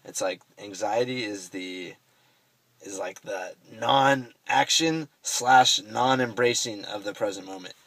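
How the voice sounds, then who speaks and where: Gravelly young man telling a story. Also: fairly low pitch, slow pace, a bit bright, no echo, rough recording. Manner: rambling, self-correcting, swears casually. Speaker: vlogger. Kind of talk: casual storytelling monologue.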